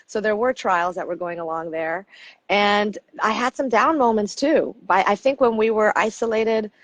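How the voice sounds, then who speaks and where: A woman in her fifties, a guest on an interview podcast, telling stories in a lively way and acting out quoted dialogue. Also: medium pitch, normal speed, no room sound, low-quality recording. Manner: lively storyteller who acts out quoted dialogue. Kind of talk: conversational interview storytelling.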